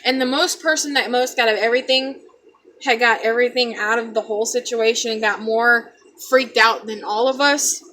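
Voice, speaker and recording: A woman's voice: fairly high pitch, normal speed, slight background noise. A young woman vlogger telling a personal story in a casual, rambling way, acting out what people said. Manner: animated, rambling, acts out quotes.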